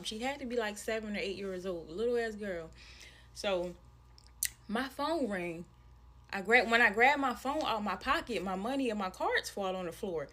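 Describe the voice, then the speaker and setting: A woman telling a personal story in an animated, slangy, casual way. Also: mid-range voice, moderate pace. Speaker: storyteller in a viral video.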